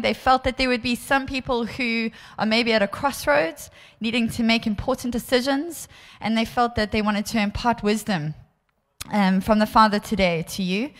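Gentle South African woman, encouraging. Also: a little high. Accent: South African English. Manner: gentle, encouraging, slightly hesitant. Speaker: church leader making announcements. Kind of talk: closing announcements. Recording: long hall reverb.

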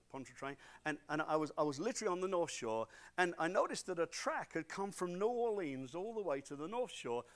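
A middle-aged British man preaching a sermon as pastor, swinging between loud emphatic preaching and quiet storytelling. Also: sits high. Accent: British English. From Britain. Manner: animated, emphatic, repeats for stress.

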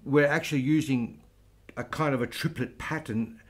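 A man teaching flamenco guitar, explaining strumming patterns slowly and patiently. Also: medium pitch, breathy edge. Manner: slow, patient, counts aloud over playing. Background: flamenco guitar playing.

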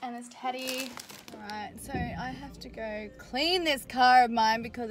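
A woman's voice: a little high, very animated, unhurried, music in the background. A young woman in her twenties talking chattily to her camera at home in a casual vlog, laughing often. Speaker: vlogger. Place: at home indoors. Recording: noisy home camera recording.

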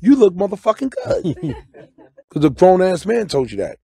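A middle-aged man riffs in a relaxed, preachy way, breaking into sudden loud bursts. His voice sits a bit high for a man, with a gravelly, husky rasp. The studio sound is close and dry. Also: moderate pace. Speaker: guest comedian and actor. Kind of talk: casual interview talk. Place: radio studio.

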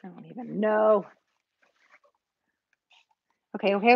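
A woman's voice: medium pitch, expressive, quick pace, vocal fry, husky, no room sound. A woman, chatting nervously with her viewers as she paints on a live stream. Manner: chatty, nervous, talks to commenters. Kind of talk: casual live chat while painting. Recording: dull dry home-stream audio.

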